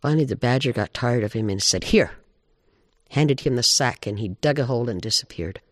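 A man telling an animal folk tale in an expressive, animated way. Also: mid-range voice, fast, dry recording, clean studio sound. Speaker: storyteller.

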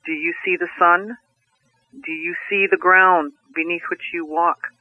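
A booming, solemn Creator spirit speaks slowly and with command, as a man storyteller puts him on. The voice sits a little high for a man. The sound is thin and tinny, as if heard down a telephone line. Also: steady tone, slight background noise.

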